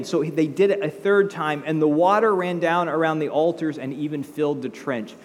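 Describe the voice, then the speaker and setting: A man preaching a sermon as pastor, retelling a story in a casual way with lively asides. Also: on the high side, brisk, few pauses, in a large hall.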